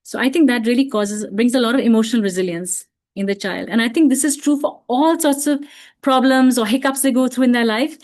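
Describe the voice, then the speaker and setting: A woman explaining in a gentle, reflective way, often saying "you know" and restarting her sentences, in an online talk for parents. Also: a little high, fairly quick. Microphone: video call.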